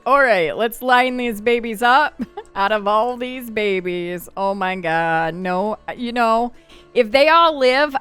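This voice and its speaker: A woman's voice: on the high side, a bit bright, smooth. A woman hosting a casual let's-play, chatting through her game, laughing often and squealing when something surprises her. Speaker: gaming channel host.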